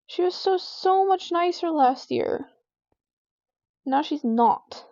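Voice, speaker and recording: A high-pitched teenage girl rambles through an exasperated vent session while she plays a game. Her words come packed with "like" fillers. The sound is dry and a bit dull, as if recorded on a lo-fi home mic. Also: animated, slow, a little mellow, no echo. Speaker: gaming vlogger. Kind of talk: casual venting while playing a game.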